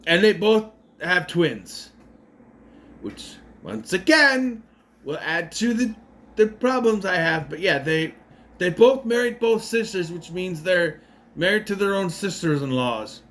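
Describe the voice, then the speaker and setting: Lively rambling man recapping a movie. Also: high voice, takes it slowly. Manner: rambling, self-correcting, sarcastic asides. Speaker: movie reviewer. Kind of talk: casual spoken movie recap.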